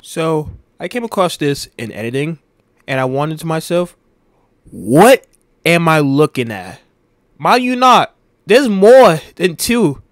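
A man's voice: fairly high pitch, big pitch swings, a little slow. A man hosting a gaming video in casual voice chat, often startled and firing off frantic repeated questions. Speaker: gaming YouTuber host. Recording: noisy game capture.

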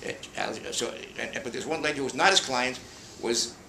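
A man's voice: medium pitch, a little fast, bright, forceful tone, reverberant, slight background noise. An older man with a New York accent hosting a live bookshop event, telling rambling show-business anecdotes and acting out the quotes. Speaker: host. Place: bookshop event room with an audience.

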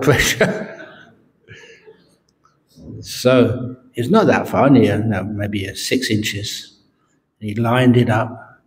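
Slow-spoken monk telling a joke. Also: male voice, mid-range voice, darkish tone. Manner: humorous storyteller who laughs at his own jokes. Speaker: Buddhist monk teacher. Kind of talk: dharma talk with jokes. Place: meditation centre hall.

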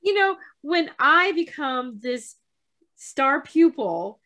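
A woman co-hosting a podcast, chatting casually with halting restarts and frequent laughter. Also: high-pitched, sing-song, bright, forceful tone. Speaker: podcast co-host.

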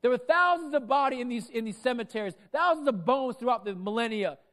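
Male pastor preaching, very high and animated voice, loud and projecting, big swings between shouts and hushed asides. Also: fast. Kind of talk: sermon. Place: church sanctuary. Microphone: microphone.

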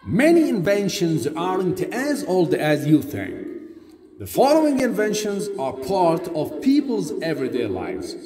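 A man reading scripted textbook narration evenly and clearly, as on a course recording. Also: high voice, huge pitch swings, a little slow, a little mellow, far from the mic. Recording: played through a speaker in an echoey hall.

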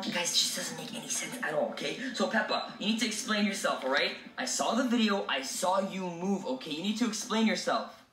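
A man filming a spooky vlog, talking jumpily to his viewers and calling them guys. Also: high-pitched. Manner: jumpy, addresses viewers as guys. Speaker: video creator. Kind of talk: scripted haunted-doll vlog. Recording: roomy, distant, music underneath.

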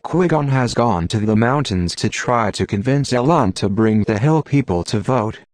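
A man's voice: mid-range voice, lively intonation, moderate pace, a little mellow, no echo, lightly acted. A man voicing an earnest young male Jedi apprentice who pleads urgently, in an audiobook.

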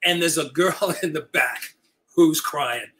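An older man, a retiring high school teacher, telling stories as an interview guest and acting out the dialogue. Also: takes it slowly, low-quality recording. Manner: animated, acts out quoted dialogue. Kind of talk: storytelling chat.

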